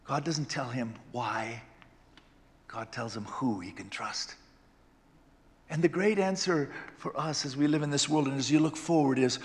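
A man pastor preaching a sermon, swinging from loud exclamations to hushed storytelling. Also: mid-range voice, moderate pace, in a large hall.

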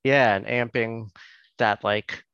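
A man, a podcast guest, talking hesitantly in a casual interview, with many pauses and restarts. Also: mid-range voice, steady tone, fairly bright tone, clear, resonant tone, no room sound, lo-fi sound.

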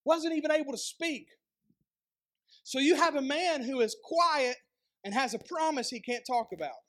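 A man's voice: extremely high pitch, animated, moderate pace, fairly bright tone. A young adult man with an East Tennessee accent preaching a sermon, in a casual style full of rhetorical questions and joking asides. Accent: Southern US, East Tennessee. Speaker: pastor.

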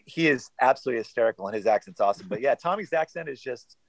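A man's voice: medium pitch, animated, very fast, gravelly, dry recording, low-quality recording. A man chatting as a podcast guest, rambling and self-deprecating with lots of fillers. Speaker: guest actor. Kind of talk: casual podcast chat.

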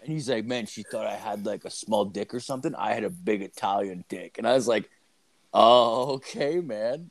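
A man's voice: on the low side, normal speed. Profane rambling storyteller man. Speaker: podcast co-host. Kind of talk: crude casual chat.

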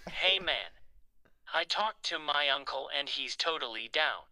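Guy doing a chill buddy voice, slow n easy. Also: on the high side, animated, bright, forceful tone, no echo, pitched below the performer's own voice, full character voice. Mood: casual.

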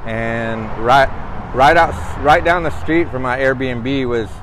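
A man, hosting a casual livestream chat in a relaxed, slangy way. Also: mid-range voice, slow, noisy background. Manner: relaxed, laughs easily, slangy. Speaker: coffee shop owner and host.

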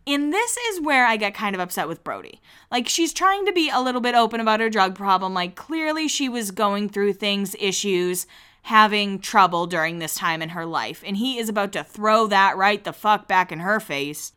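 A woman's voice: medium pitch, expressive, normal speed, sharp tone, clean tone. A woman casually recapping a reality show, chatty and candid, swearing freely and acting out quotes.

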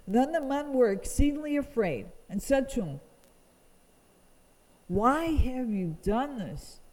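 A woman's voice: sits high, expressive, takes it slowly, darkish tone, in a large hall, poor audio. A woman teaching from the Bible, reading verses aloud and explaining them earnestly. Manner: reads scripture aloud, then explains it earnestly.

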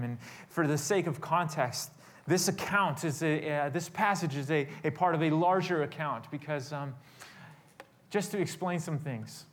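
A man preaching a storytelling sermon as a pastor, animated and swinging from loud to hushed. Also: on the high side.

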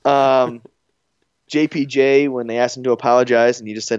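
A man's voice: medium pitch, fairly even intonation, moderate pace, a little mellow, clear, resonant tone, no echo, dull audio. A man co-hosting a podcast in casual chat, making wry, understated remarks. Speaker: podcast co-host.

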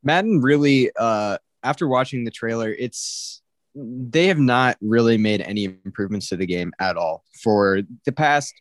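A man's voice: mid-range voice, animated, moderate pace, no echo, clean studio sound. A young man from California, co-hosting a podcast and ranting bluntly and emphatically in casual chat. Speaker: podcast co-host.

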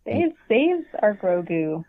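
A woman's voice: medium pitch, big pitch swings, slow. A woman guest in a casual podcast chat, rambling with a wry, self-deprecating manner over a phone call. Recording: tinny dry phone line.

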